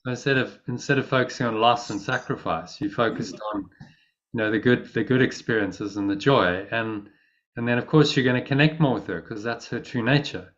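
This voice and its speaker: A man leading a spiritual discussion, explaining ideas in a calm, measured way. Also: mid-range voice. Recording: muffled lo-fi audio.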